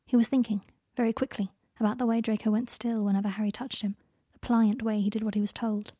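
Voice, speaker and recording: A woman reading a story aloud, narrating in a soft, intimate manner. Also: on the high side, flat delivery, fast, husky, no room sound, clean studio sound.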